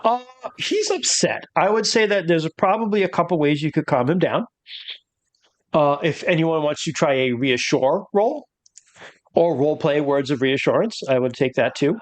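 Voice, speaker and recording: A man runs a tabletop horror game, describing scenes in a relaxed way full of small hesitations. His pitch moves widely as he narrates. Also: moderate pace. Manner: relaxed, hesitant with many fillers. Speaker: game master.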